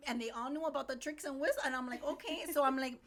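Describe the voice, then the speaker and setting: A woman's voice: sits high, steady tone, rapid-fire. A woman with a Miami Spanish-English accent, co-hosting a casual podcast chat and telling stories expressively, acting out her own reactions. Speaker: co-host.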